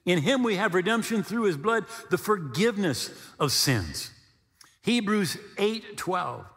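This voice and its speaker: Male pastor, sermon delivery, high and very expressive, echoing sanctuary sound. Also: unhurried. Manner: animated preaching with acted-out dialogue and humor.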